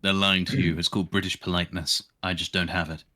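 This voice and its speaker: Bright-voiced teasing man. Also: low-pitched, flat delivery, quick pace. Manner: teasing, sarcastic. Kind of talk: casual chat while reading a game.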